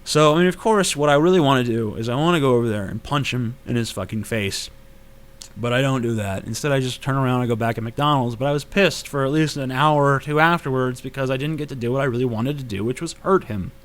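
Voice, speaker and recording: A man's voice: mid-range voice, quick pace. A man in his late twenties answering viewer questions in a casual vlog, blunt and profane, ranting at times. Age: late 20s.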